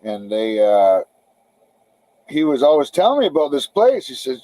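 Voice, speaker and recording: A middle-aged podcast guest spins a loose, profane story, stumbling over restarts as he goes. His voice sits a bit high for a man, and the recording is close and dry. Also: big pitch swings, moderate pace, warm tone, no echo, low-quality recording. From Canada. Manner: rambling, profane, frequent restarts. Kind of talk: casual storytelling interview.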